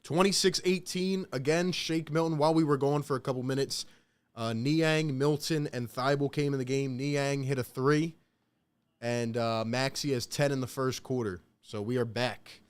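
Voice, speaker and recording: Young male streamer, resonant clear voice, mid pitch, slangy live play-by-play host. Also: moderate pace. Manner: slangy, talks straight to the chat. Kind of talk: casual live play-by-play and reaction.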